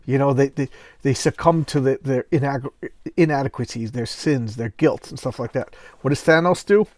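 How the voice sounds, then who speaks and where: A man hosting casual comic book commentary, retelling a story in an animated, rambling way. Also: medium pitch, moderate pace, no room sound.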